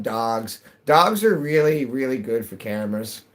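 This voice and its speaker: A man's voice: mid-range voice, big pitch swings, a little slow, low-quality recording. A man live-streaming a game, chatting casually with viewers in a rambling, jokey way, his voice cracking. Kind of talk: casual live-stream chat while gaming.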